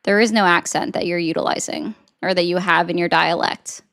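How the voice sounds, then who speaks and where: A woman's voice: lowish voice, fairly even intonation, a little fast, a bit bright. An American woman debating politics, blunt and sarcastic, lecturing her opponent. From United States. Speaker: political commentator. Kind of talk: heated debate.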